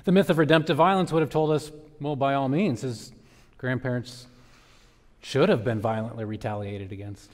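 A man preaches from the pulpit in a measured, reflective way. His mid-range voice carries a long church-hall reverb behind every phrase. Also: medium pitch, darkish tone. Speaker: pastor. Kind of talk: sermon. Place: church sanctuary.

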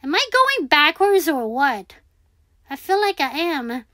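A high-voiced woman talks her way through a game at an unhurried pace. She repeats her words and pleads with the game as she plays. Her voice sits dry and close to the mic. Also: big pitch swings, sharp tone, dry recording. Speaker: gaming video creator. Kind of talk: live gameplay commentary.

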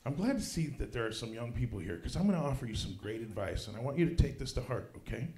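A man in his thirties doing stand-up comedy on a club stage, swinging from low mutters to loud shouted punchlines. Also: animated, fast, a little hiss or hum. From Kansas City, United States. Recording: roomy club sound.

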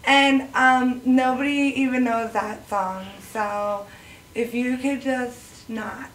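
A woman's voice: on the high side, steady tone, slow. A woman hosting an improv comedy show, upbeat and giggly. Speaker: show host. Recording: echoey room, slightly distant mic, faint noise.

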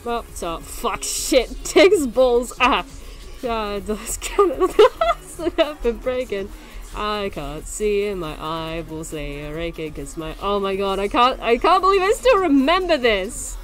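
A young woman in her twenties streaming a game, excitable and laughing often, swearing freely. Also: mid-range voice, slow, soft background music. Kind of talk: casual livestream commentary while gaming.

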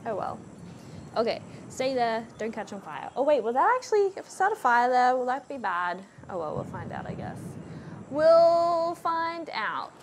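Excitable woman playing a VR game. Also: on the high side, brisk. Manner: excitable, jumpy, talks to herself. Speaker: VR gamer. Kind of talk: casual let's-play commentary. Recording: noisy, game sounds mixed in.

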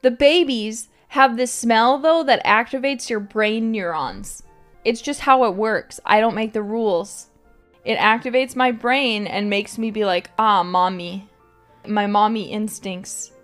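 Giggly rambling woman streamer, high voice. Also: a little slow, fairly bright tone, soft background music. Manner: rambling, giggly, filler-heavy "like". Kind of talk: casual late-night stream chat.

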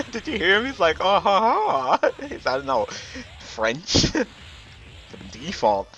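An excitable male gameplay commentator calls a fighting game match in a bright, forward voice. His pitch jumps freely as he reacts to the action, and he rambles and chuckles between calls.

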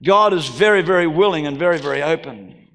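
Gravelly Australian pastor preaching in a hall. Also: male voice, fairly high pitch, animated, a little fast. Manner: preaching with call-and-response and shouted declarations. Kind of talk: sermon. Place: church hall. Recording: church hall reverb.

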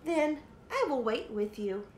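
A woman's voice: high voice, big pitch swings, measured pace. A woman voicing a friendly, well-mannered male rabbit in a storybook read-aloud, in an echoey room. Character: friendly polite male rabbit, eager and kind. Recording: echoey room, faint noise.

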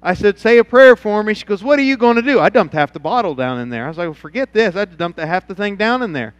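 A male pastor preaching a sermon, telling a personal story and moving from quiet, low passages to loud, fervent ones. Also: lively intonation, fast, clean tone, no echo. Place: church.

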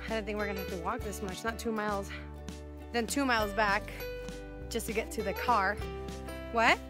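A woman's voice: medium pitch, steady tone, brisk, music in the background. A young woman filming a family vlog outdoors in the snow, chatting and laughing often as she jokes about her own complaining. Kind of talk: casual vlog chat. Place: outdoors on a snowy mountain.

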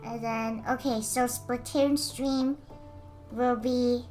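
A woman streaming casually while she draws, answering chat, giggly and given to excited squeals. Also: on the high side, slow, faint music behind. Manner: responds to chat messages.

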